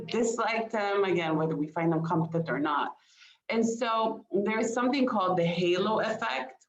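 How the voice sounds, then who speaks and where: Woman presenter in a roomy lo-fi recording. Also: lowish voice. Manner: engaging, quizzes audience, frequent light laughs. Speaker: communication expert. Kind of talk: webinar presentation. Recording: roomy, dull lo-fi sound.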